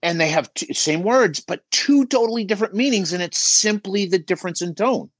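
Animated, emphatic man coaching. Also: sits high, a little fast, husky, dry recording. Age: middle-aged. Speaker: auto shop business coach guest. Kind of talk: podcast conversation.

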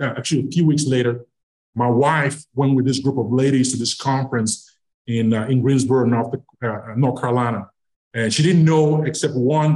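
A middle-aged man from Nigeria tells a long personal story as a podcast guest. His voice sits in an everyday middle pitch, and he acts out the lines he quotes from other people as he tells it. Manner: animated storyteller who acts out quoted dialogue. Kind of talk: storytelling anecdote.

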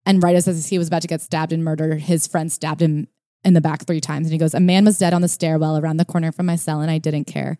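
A woman co-hosts a casual podcast chat about a book, energetically retelling stories and reading quotes aloud. Her low, warm voice is fast with a flat delivery, recorded in studio quality with no echo.

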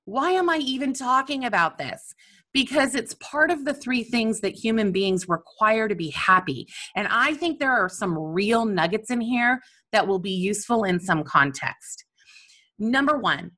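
A woman coach speaking in a candid, animated, self-mocking personal monologue about her own feelings. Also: on the high side, a little slow.

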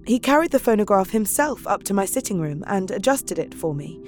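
An actress plays an earnest young Victorian wife, compassionate and resolute, speaking with heartfelt urgency. Her voice sits in a middle pitch, with faint music underneath in this audio drama. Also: big pitch swings, a little fast, darkish tone, lightly acted. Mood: calm. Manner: earnest, emotional and pleading. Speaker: narrator and character. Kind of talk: audio drama journal reading.

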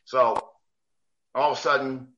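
A man, a basketball referee and guest, telling animated anecdotes in a casual chat, acting out quoted lines and restarting often. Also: mid-range voice, measured pace, highs cut off, slight background noise. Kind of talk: animated storytelling in a podcast chat.

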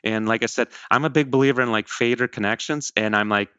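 A man's voice: mid-range voice, fast, fairly bright tone, smooth, no echo, highs cut off. A man around fifty, talking earnestly as a program member in a casual interview, often restarting and correcting himself. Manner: rambling, self-correcting, earnest.

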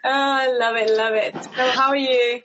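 Bubbly high-voiced woman guest. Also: steady tone, normal speed, a bit bright, dull audio, a little hiss or hum. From Zambia. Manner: bubbly, affirming. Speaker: podcast guest, therapist. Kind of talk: casual video-call chat.

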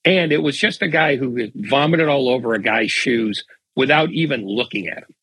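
A raspy older man tells his stories with dry, wry timing, like a veteran sportswriter holding court. His voice is husky yet bright and cutting. The recording is close and dry. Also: medium pitch, normal speed, no echo. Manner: dry, wry anecdotal delivery. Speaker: guest sportswriter. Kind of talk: casual podcast storytelling.

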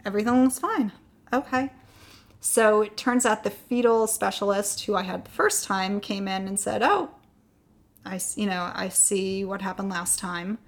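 A woman's voice: mid-range voice, normal speed. A woman in her thirties telling a personal story in casual conversation, acting out the voices of the people she quotes. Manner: animated storyteller who acts out quoted voices. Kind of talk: casual chat.

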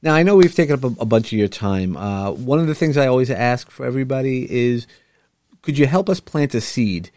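A man hosting a podcast interview, encouraging his guest and often pausing with "uh". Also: medium pitch, lively intonation, darkish tone. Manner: encouraging, with frequent filler "uh"s. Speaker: podcast host. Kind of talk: casual interview chat.

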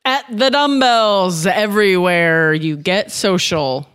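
A woman's voice: mid-range voice, slow pace, fairly bright tone, clear, resonant tone, no echo. A woman co-hosting a podcast in chatty, casual talk, laughing easily and rambling. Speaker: podcast co-host. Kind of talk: casual chat.

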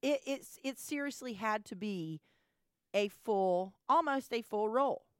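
A woman telling a family story in casual chat, animated, with stammering restarts. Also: on the high side, measured pace, smooth, dry recording, clean studio sound. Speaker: podcast co-host, mother.

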